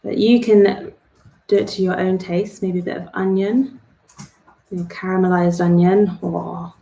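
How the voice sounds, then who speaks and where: In an echoey room, a young woman hosts an art club, sketching while she rambles casually and pokes fun at herself with a laugh. She speaks at a measured pace in a fairly low, level voice that sounds creaky and dark.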